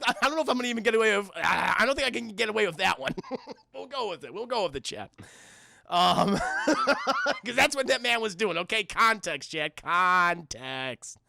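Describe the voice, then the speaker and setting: A young man recapping a film on a casual live stream, talking straight to his chat, profane and animated. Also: very high-pitched, vocal fry, no echo.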